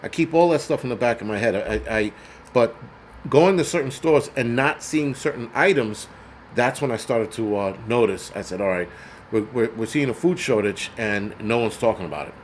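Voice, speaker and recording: A man's voice: medium pitch, animated, moderate pace, a little hiss or hum. A middle-aged man hosting a show, ranting in a profane, sarcastic and blunt way. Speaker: host. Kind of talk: ranting commentary.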